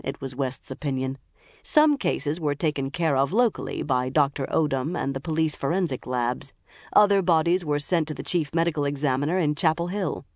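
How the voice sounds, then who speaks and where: An audiobook narrator reading a crime thriller in an even, measured way. The voice sits at a middle pitch. The recording is dry and close to the mic. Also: no room sound.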